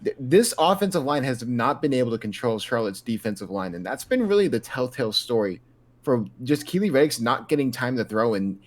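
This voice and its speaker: A man giving relaxed, joking color commentary on a streamed college football video game. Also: medium pitch, fairly quick.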